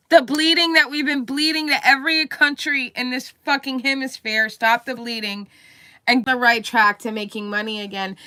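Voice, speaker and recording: A woman's voice: high voice, pushed and bright. A woman livestreaming an angry, profane rant, repeating herself heatedly.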